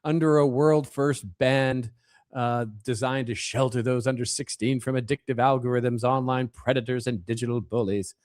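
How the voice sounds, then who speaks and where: A man's voice: mid-range voice, steady tone, normal speed, darkish tone, dry recording, studio quality. A man co-hosting a marketing podcast, chatting casually, reading news headlines aloud and laughing easily. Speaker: podcast co-host.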